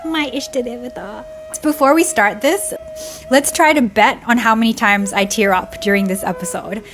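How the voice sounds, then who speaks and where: A woman's voice: fairly high pitch, moderate pace, fairly bright tone, soft background music. A young woman vlogger telling a heartfelt personal story in a casual, conversational way, tearing up at times. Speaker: spiritual vlogger.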